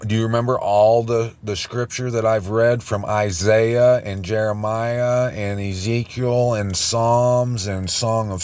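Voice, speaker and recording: A man delivers a rambling online sermon, breaking off mid-phrase and starting over again and again. His voice sits low and he takes his time, moving slowly from one point to the next. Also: a little mellow. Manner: rambling, halting with many restarts. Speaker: preacher. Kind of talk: informal online teaching.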